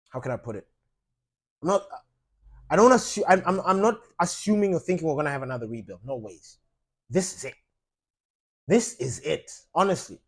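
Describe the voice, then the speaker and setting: Impassioned football fan talking to camera. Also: male voice, sits high. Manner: impassioned, rising to loud emphatic outbursts, frequent fillers; addresses viewers directly as ladies and gentlemen. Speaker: fan channel host. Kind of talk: passionate football fan commentary.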